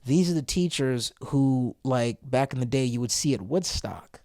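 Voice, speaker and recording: A man's voice: mid-range voice, moderate pace, mellow, no echo, clean studio sound. A man hosting a commentary video, reacting to a clip in a blunt, profane, sarcastic way. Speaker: host.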